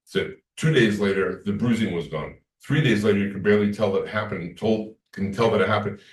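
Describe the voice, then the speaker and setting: A man lectures a class in a low voice, rambling from story to story. He is picked up from across an echoey room. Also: a little fast, recorded from a distance. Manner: rambling storyteller, acts out quoted talk.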